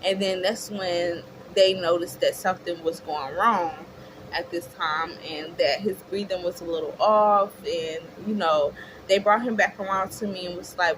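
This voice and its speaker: A young woman telling a chatty, expressive storytime to her viewers, calling them y'all. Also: fairly low pitch, normal speed. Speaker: vlogger. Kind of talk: casual storytime. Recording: clear background noise.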